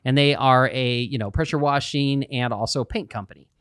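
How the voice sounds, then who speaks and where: A man co-hosting a casual business podcast, telling a client's story with lively quoted asides. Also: mid-range voice, moderate pace, clear, resonant tone, dry recording, studio quality. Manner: storytelling, animated retelling of quotes. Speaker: podcast co-host.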